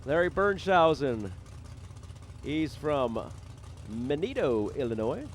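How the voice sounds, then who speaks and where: Calling drag races live at the strip, a man reels off names, hometowns and times with a joking, self-deprecating manner. His fairly high voice is expressive at a moderate pace, with slight background noise and loud race cars roaring behind him.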